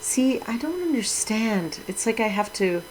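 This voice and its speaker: A woman's voice: fairly high pitch, sing-song, measured pace, a little mellow, a little hiss or hum, rough recording. A middle-aged woman streaming a video game, talking casually with her chat and exclaiming with mild minced oaths as she plays. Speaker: Twitch streamer. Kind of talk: casual gaming livestream chat.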